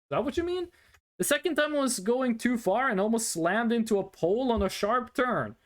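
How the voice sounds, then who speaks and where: High, lively-voiced male streamer. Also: brisk. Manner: rambling, reads chat aloud, frequent ums. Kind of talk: casual live-stream chat.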